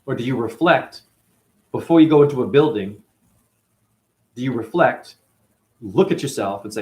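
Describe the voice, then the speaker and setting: A man teaches through a spiritual story, and his pitch leaps up and down. He keeps checking in with his listeners, and his delivery stays lively and conversational. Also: normal speed, pauses often. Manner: lively, asks the audience questions. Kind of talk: animated storytelling talk.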